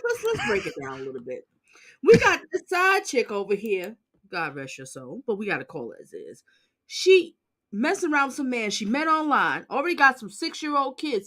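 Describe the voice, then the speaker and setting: Sassy, animated woman reacting. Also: a little high. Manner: animated, exclaiming, sassy and blunt. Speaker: channel host reacting to court clips. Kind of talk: casual reaction commentary.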